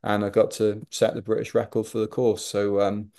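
A man's voice: fairly low pitch, normal speed. Man telling a wry running story. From Wales. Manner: animated, self-deprecating humour. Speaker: podcast guest, ultrarunner. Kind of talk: anecdotal storytelling.

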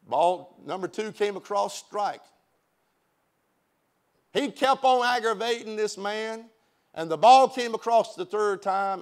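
Pastor, man, high-pitched, emphatic preaching, repeats himself. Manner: emphatic, repeats words and phrases. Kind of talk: sermon. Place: church sanctuary.

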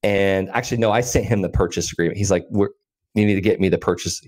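A man in his thirties, a podcast guest, telling a story with lively acted-out dialogue. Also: deep voice, fast talker. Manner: animated storyteller acting out dialogue. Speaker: podcast guest, land investor. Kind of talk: storytelling in an interview.

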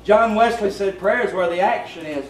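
Preaching at a moderate pace in a high voice, a Southern-accented pastor from Tennessee delivers a folksy, conversational sermon in plain language. The church sanctuary sounds roomy through a distant microphone, with a faint hum underneath.

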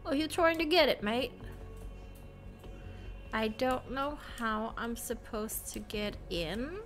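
A woman's voice: fairly high pitch, lively intonation, takes it slowly, faint music behind. A woman streamer giving playful, casual commentary while playing a game, swearing and chatting with viewers.

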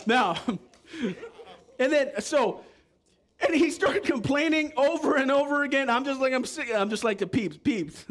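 A man preaching a sermon as pastor, animated and joking with the congregation. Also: very high voice, measured pace. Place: church.

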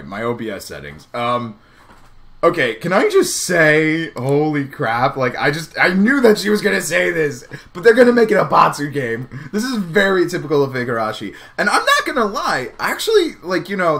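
A man talks through an anime episode as he watches it. His voice is bright and a little tense, and it swings widely up and down in pitch. He is excitable and chatty, and he stops often to think aloud. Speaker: anime reaction vlogger. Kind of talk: live reaction commentary.

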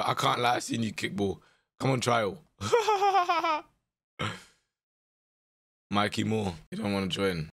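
A young man with a strained voice, giving animated, slangy commentary while playing a management game. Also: medium pitch, husky. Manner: animated, exclaiming, slangy banter. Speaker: gaming content creator. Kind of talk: casual gameplay commentary.

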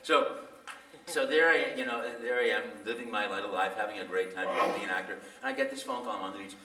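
A man telling animated stories at a fan convention panel, laughing and acting out voices along the way. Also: fairly low pitch, quick pace. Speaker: voice actor, panel guest. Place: convention hall. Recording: echoey hall, mic from a distance.

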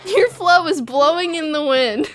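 A woman live-streams a game, chatting casually with viewers in a high, unhurried voice over soft background music. She's giggly and animated, laughing often as she reads and answers chat.

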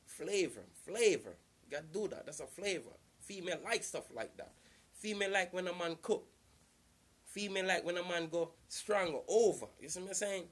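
A man's voice: sits high, a little fast, a bit bright. A man giving casual relationship advice to the camera, earnest and repetitive, circling back to the same points.

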